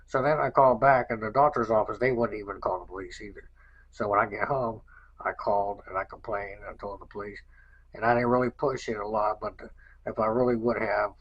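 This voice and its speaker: Husky aggrieved man telling a story. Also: lowish voice, dull audio. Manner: rambling, aggrieved, repeats himself. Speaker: podcast host. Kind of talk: casual storytelling monologue.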